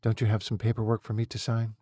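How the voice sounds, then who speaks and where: A man reading a flat, subdued young wife. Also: on the low side, quick pace, no room sound, clean studio sound, voice pushed up, natural voice. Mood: flat, sad. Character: grieving young wife, quiet and resigned.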